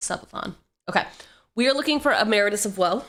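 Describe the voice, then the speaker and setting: A woman streamer with a mid-range, fairly bright voice chats casually and jokes while opening card packs on a livestream, talking fast with lively intonation. She is playful, tosses in jokey asides, and sings snatches of song.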